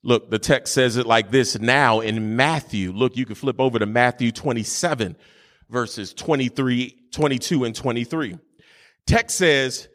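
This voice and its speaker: A male pastor delivers a sermon, rising into shouted, sing-song peaks and settling back into steady teaching. His voice is bright and cutting, with a long church-hall reverb trailing behind every phrase. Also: mid-range voice, measured pace. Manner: fervent preaching, swinging between shouted sing-song peaks and quieter teaching. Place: church sanctuary.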